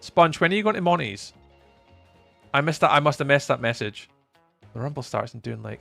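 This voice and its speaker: A young man chatting casually with viewers while live streaming, playful and often trailing off into a softer voice. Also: mid-range voice, lively intonation, fairly quick, gravelly, long pauses, no echo, faint music behind.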